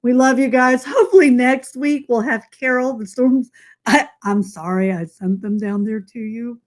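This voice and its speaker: A woman with a light Southern US drawl hosting a casual live chat, talkative and quick to laugh at herself, heard over a video call. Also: fairly high pitch, fairly even intonation. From Southern United States. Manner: chatty, laughs often, self-mocking. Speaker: host.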